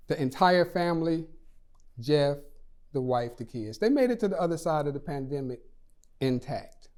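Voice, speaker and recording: A man's voice: medium pitch, dark tone. A man speaking for a charity, telling a personal story in a prepared talk, earnestly, his voice rising and dropping for emphasis.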